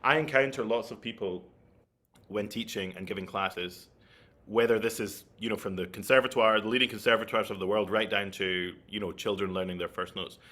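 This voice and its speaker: Bright-voiced man teaching a flute class. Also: lowish voice. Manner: explanatory, thinking aloud, checks in with listeners. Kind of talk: online masterclass teaching.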